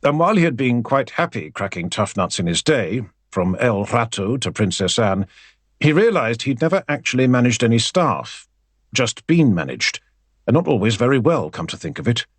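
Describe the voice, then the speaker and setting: Husky-voiced male audiobook narrator. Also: medium pitch, normal speed, no echo. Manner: wry, expressive storytelling.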